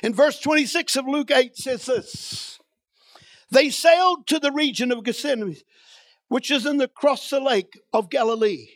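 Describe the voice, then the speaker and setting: A man's voice: very high-pitched, normal speed, fairly bright tone, no room sound. A man preaching a sermon in a church, reading scripture and building to emphatic, repeated declarations.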